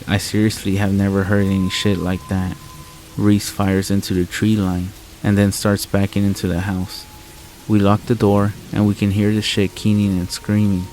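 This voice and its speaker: A man narrating a scary story in a calm, measured, deadpan way. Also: lowish voice, a little hiss or hum, low-quality recording. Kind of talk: scripted narration. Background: rain and faint music.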